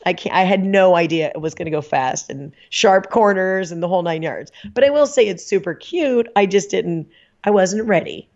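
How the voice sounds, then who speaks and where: A woman podcast guest chatting casually, telling animated stories and laughing often. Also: lowish voice, normal speed, muffled recording. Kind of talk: casual chat.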